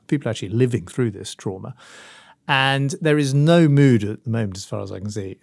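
A middle-aged man with a low, gravelly voice, co-hosting a political discussion show. He weighs his points carefully, hedging and adding asides as he goes. The recording is dry and close. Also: darkish tone, dry recording. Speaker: podcast co-host, former minister.

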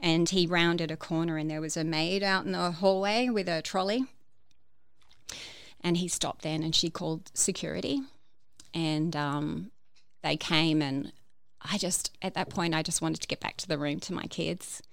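A woman's voice: sits low, normal speed, creaky, dry recording. A woman telling her personal story as a guest, hesitant, with many fillers and restarts. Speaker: podcast guest.

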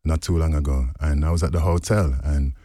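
A man's voice: extremely low pitch, steady tone, a little fast, warm tone, dry recording, studio quality. A man, a musician guest on a radio show, telling a laid-back story in casual chat.

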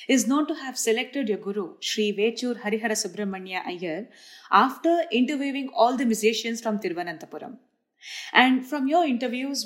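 A woman host reads out her prepared interview questions at an even, measured pace, slipping in the odd filler. Her voice sits at a middle pitch.

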